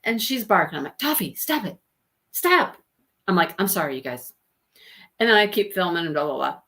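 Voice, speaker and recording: A woman's voice: fairly low pitch, expressive, fast, a bit bright. A woman hosting a craft channel live stream, chatting casually and laughing often with exasperated asides.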